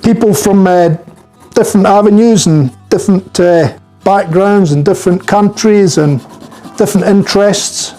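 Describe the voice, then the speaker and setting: A man's voice: sits high, moderate pace, mellow, soft background music, poor audio. A middle-aged man from Scotland with a mild Scottish accent chatting casually with viewers while working on a live stream. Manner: friendly, chatty with viewers, hesitant fillers.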